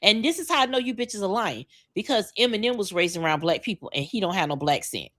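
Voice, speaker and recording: A woman's voice: medium pitch, animated, quick pace, fairly bright tone. A woman with a Miami accent, co-hosting a podcast in a blunt, profane, emphatic rant. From Miami, Florida. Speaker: podcast co-host.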